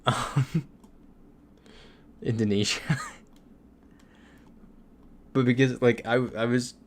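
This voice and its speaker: A man's voice: mid-range voice, fairly even intonation, slow. A young man from Florida, chatting casually on a livestream while he plays, reading out viewer comments and laughing often. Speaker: streamer.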